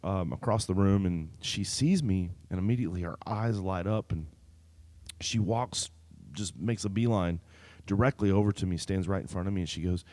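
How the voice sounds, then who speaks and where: A singer-songwriter telling a story between songs at an open mic, in a relaxed, rambling way full of fillers and restarts. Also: male voice, on the low side, moderate pace, no echo. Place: live open mic event.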